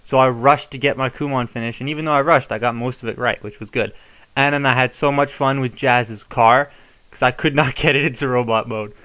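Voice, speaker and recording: A man's voice: mid-range voice, steady tone, brisk, sharp tone. A young man casually showing how to modify a toy, chatty and given to rambling asides. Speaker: toy reviewer. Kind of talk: casual hands-on tutorial.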